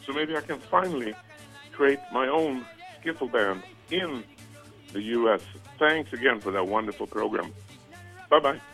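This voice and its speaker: A man from Sweden, leaving a friendly, unhurried voicemail for a radio show. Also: mid-range voice, expressive, gravelly, a bit bright, faint music behind. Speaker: caller.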